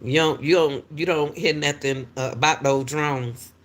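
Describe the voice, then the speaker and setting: A woman, a school crossing guard, casually telling viewers a story in an animated way and calling out to them often. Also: low voice, unhurried. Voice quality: talks straight to viewers with repeated "y'all", animated and laughing.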